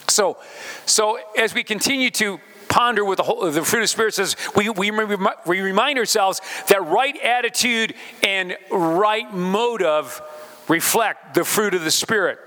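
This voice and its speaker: A man's voice: sits high, pushed and bright, big-room sound. A pastor preaching a sermon, speaking straight to his congregation and asking them questions as he goes.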